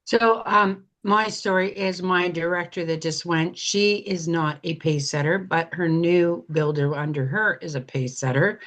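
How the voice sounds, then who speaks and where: Chatty woman telling a story, slightly low voice. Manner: chatty storytelling, laughs easily. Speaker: team member. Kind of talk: casual call chat.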